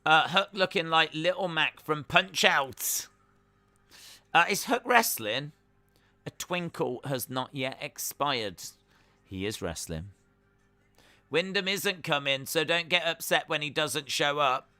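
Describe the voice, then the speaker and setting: Bright, crisp-voiced streamer chatting. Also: male voice, on the high side, expressive, takes it slowly, no room sound. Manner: chatty and joking, with many uhs. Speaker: live-stream reaction host. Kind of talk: live reaction commentary.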